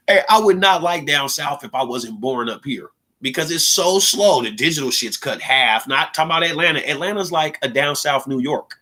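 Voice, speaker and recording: A Seattle-born young man hosting a livestream podcast talks at normal speed in a voice that's on the high side, expressive, and sharp in tone. His casual monologue wanders from joke to joke, heavy on slang and laughter.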